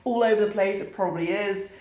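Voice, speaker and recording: A woman's voice: medium pitch, fast talker, a little mellow, reverberant. A woman in her thirties with a British accent, chatting casually through a shopping haul in a self-mocking, easily sidetracked way. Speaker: vlogger.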